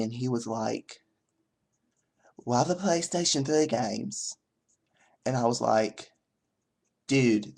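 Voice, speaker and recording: A man's voice: medium pitch, gravelly, a little mellow. A young man vlogging who tells a store story in an exaggerated, put-on British accent, rambling and quoting customers. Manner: rambling, chatty storytelling with quoted dialogue. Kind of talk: comic vlog storytelling.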